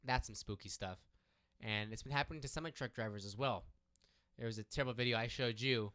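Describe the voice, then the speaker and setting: Man, podcast co-host, casual chat, animated, bright, crisp voice. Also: medium pitch, fairly quick. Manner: animated, restarts sentences often.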